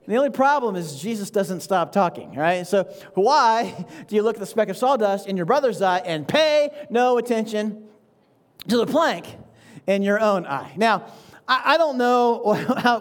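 A man giving a sermon as pastor, talking in a conversational way, often checking in with "right?" and chuckling between points. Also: high voice.

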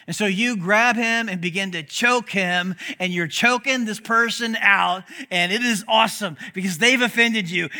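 A man preaching a sermon as pastor, talking in an animated, conversational way with joking asides to the congregation. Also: high voice.

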